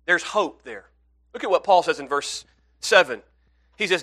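A man preaching a sermon to his congregation, earnest, swinging from loud emphatic passages to hushed, pleading ones. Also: a little high, animated, normal speed. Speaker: pastor.

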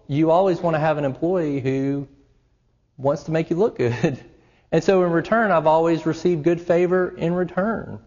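A man's voice: mid-range voice, a little mellow, big-room sound, dull audio. A man preaching a sermon, reading scripture aloud and explaining it with rising earnestness. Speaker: pastor.

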